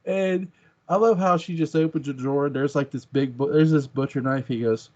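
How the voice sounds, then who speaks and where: A man's voice: a little high, steady tone, a little fast, darkish tone. A man co-hosting a podcast, chatting casually and enthusiastically about a film and quoting its lines. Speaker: podcast co-host. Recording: dull lo-fi sound.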